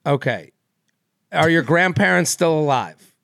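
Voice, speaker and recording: A man's voice: fairly high pitch, expressive, creaky, a bit bright, no room sound, studio quality. A man co-hosting a podcast, joking and rambling in casual chat. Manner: jokey, rambling, quick asides. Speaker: podcast co-host.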